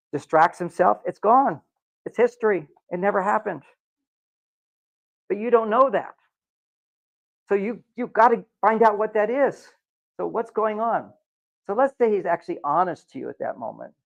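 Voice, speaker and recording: A man with a slightly high, gravelly voice addresses a live audience in lecture mode. He slips into other people's voices to act out their lines. The recording sounds dull and lo-fi. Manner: lecturing, acts out quoted voices with lively swings. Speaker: workshop speaker.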